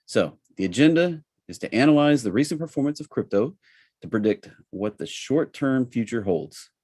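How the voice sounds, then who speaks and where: A man with a Southern drawl runs a live online trading class in an easygoing, chatty manner, with lots of ums and uhs. His voice sits at a middling pitch. The sound is dry, with no room echo. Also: moderate pace. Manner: relaxed, chatty, with frequent fillers. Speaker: trading webinar host. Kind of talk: casual live webinar presentation.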